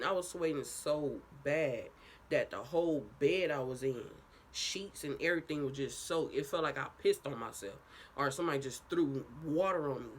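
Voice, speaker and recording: Brief: young woman vlogger, casual storytime, blunt and profane, lively telling. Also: sits low, a little hiss or hum.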